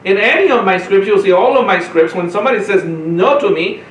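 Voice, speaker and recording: Fast-talking man teaching in a roomy space. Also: high voice, expressive, far from the mic, a little hiss or hum. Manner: fast, repetitive, says "right?" often. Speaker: real estate trainer. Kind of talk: training talk.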